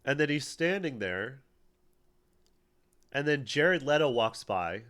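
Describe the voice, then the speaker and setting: A man's voice: mid-range voice, big pitch swings, slow, fairly bright tone. A man streaming casual commentary, joking crudely and spinning comic stories. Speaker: streamer, podcast host.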